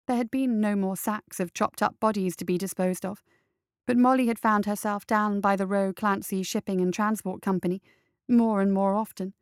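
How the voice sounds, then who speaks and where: A woman narrating a story in a steady, even storytelling manner. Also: mid-range voice, smooth, no echo, studio quality. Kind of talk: audiobook narration.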